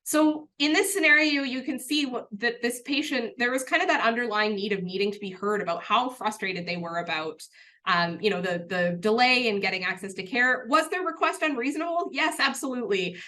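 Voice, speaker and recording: Bright-voiced woman presenting a webinar. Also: on the high side, fairly quick. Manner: conversational, earnest, a bit self-deprecating. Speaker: workplace training presenter. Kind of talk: training webinar.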